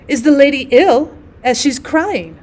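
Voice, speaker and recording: A woman's voice: high-pitched, animated, a little slow, a little mellow, pitched above the performer's own voice. A woman reading the lines of a suspicious, blunt middle-aged farmer's wife. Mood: wary. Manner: wary, blunt.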